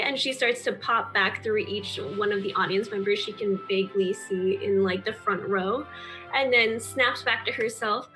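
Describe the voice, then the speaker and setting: A woman's voice: mid-range voice, steady tone, normal speed, bright, forceful tone, faint music behind. A woman describing her character's actions in a tabletop game, chatty and laughing often. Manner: chatty, laughing, lots of likes. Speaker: player. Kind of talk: casual tabletop game narration.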